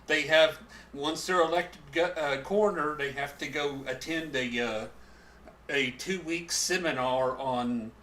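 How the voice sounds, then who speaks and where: Bright-voiced man rambling on a podcast. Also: fairly high pitch, a little slow. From living in Oklahoma. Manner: rambling, stop-start, restarts sentences. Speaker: podcast host. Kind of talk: casual podcast chat.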